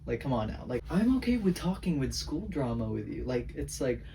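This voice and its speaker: A man's voice: mid-range voice, sing-song, brisk, mellow, distant mic, a little hiss or hum. A teenage boy venting in a casual rambling vlog, saying "like" constantly. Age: teens. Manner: rambling, heavy use of "like", venting. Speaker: vlogger.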